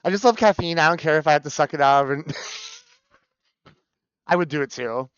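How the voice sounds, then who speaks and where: A man chatting on a live stream, excitable, swearing and repeating words in quick runs. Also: fairly high pitch, clean tone, no room sound. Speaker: variety streamer. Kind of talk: casual live stream chat. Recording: dull lo-fi stream audio.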